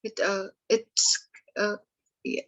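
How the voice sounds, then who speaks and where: A woman language tutor giving a lesson, slowly working through word lists with frequent fillers and restarts. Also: medium pitch, fairly even intonation, fairly bright tone, rough recording.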